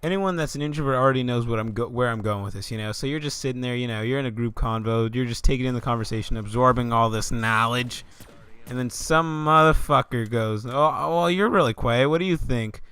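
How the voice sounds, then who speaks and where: A man's voice: mid-range voice, fairly quick, pushed and bright, smooth, dry recording. A young man ranting in a comedic vlog, swearing often and stammering into exasperated outbursts. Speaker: vlogger.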